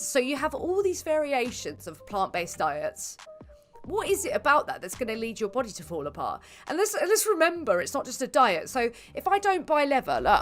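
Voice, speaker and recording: A woman guesting on a casual chat, exasperated and swearing freely. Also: high voice. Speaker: guest YouTuber.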